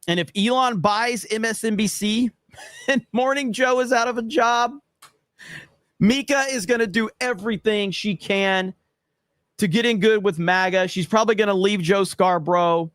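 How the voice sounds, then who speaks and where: A man's voice: high voice, fairly even intonation, normal speed, fairly bright tone, clean tone, dry recording, clean studio sound. A man hosting a podcast, giving casual, sarcastic commentary with mocking asides. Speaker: podcast host reacting to clips.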